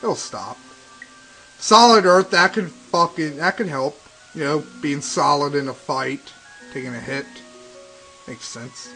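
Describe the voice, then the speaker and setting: A man's voice: fairly high pitch, measured pace, bright, forceful tone, low-quality recording. A young man doing profane, sarcastic let's play commentary, ranting and swearing constantly. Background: game music.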